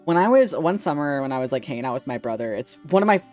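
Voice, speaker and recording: A man in casual chat on a stream, telling an animated, swearing-filled anecdote. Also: mid-range voice, fast, soft background music. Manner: animated storyteller, swears freely. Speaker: streamer guest.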